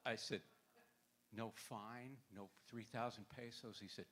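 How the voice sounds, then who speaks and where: A man telling a wry, halting anecdote at a memorial gathering. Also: lowish voice, fairly even intonation, fairly bright tone, slight background noise. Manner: wry, anecdotal, with stammering restarts. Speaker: memorial speaker telling a story. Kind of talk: storytelling at a memorial. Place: event hall with audience.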